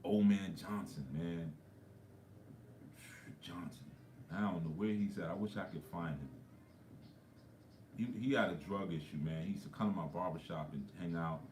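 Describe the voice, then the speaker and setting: A low-pitched man tells stories to his livestream viewers. He speaks conversationally and keeps dropping in frequent asides. His voice echoes around a roomy space, with faint ambience underneath. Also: normal speed, long pauses, darkish tone, slight background noise. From New York. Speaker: spiritual coach. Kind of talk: livestream talk.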